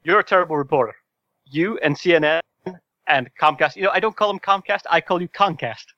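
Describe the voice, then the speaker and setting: A man's voice: a little high, fairly quick, sharp tone, dry recording, lo-fi sound. A man doing a brash, blustering politician. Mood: scornful.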